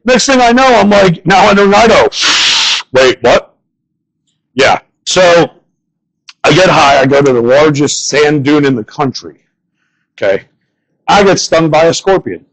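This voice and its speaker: A young man with a somewhat high voice works a live crowd with a stand-up set. He rambles through crude, profane stories in a loose, conversational way. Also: sing-song, a little slow, pauses often, poor audio. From northern United States. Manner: crude, rambling storytelling with swearing. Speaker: stand-up comedian. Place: bar stage before a live audience.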